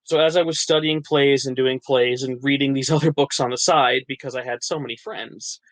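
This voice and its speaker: A man's voice: medium pitch, fairly even intonation, brisk, dry recording, poor audio. A man from New Jersey, an actor and writer, chatting as a podcast guest, laughing often and restarting his sentences. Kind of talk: casual interview chat.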